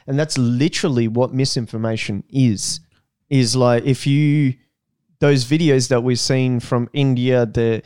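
A young Australian man hosts a casual podcast chat, loose and playful with quick asides. His voice is smooth and clear, at an ordinary pitch. The sound is dry and close. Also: fairly even intonation, darkish tone, no room sound. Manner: joking, laid-back, quick asides. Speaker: podcast host.

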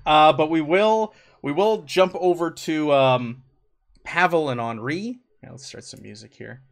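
A man's voice: on the high side, a little slow, gravelly. A man running a tabletop game as game master, narrating casually with many fillers.

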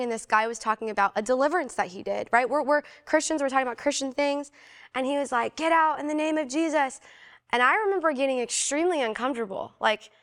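A young adult woman as an interview guest, telling a personal testimony in casual storytelling style, full of "like" and acting out the voices she quotes. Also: a little high. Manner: animated, fillers of "like", acts out quoted voices.

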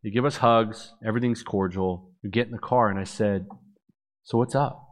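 A man in his thirties giving a personal testimony, an animated storyteller who acts out the dialogue. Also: fairly low pitch, a little fast.

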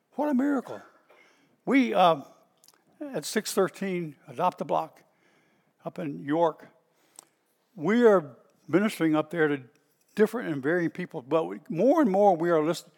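High-voiced preacher man, emphatic. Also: vocal fry, a little mellow. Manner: reads scripture aloud, then comments with emphatic repetition. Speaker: pastor. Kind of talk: sermon.

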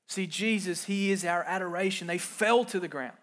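A middle-aged man preaching a sermon, moving from quiet, reflective lines to loud, emphatic ones and acting out quoted voices. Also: sits high, moderate pace. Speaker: pastor.

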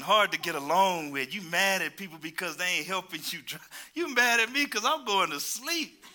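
A man preaching a sermon, telling an animated, playful story with laughter before turning to scripture. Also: a little high. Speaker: pastor.

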